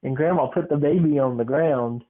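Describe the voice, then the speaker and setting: A man's voice: fairly high pitch, normal speed, slight background noise. A man hosting a podcast, telling a funny family story in a rambling way, with lots of fillers and restarts. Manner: meandering, full of fillers and restarts. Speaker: podcast host. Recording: tinny phone-like sound.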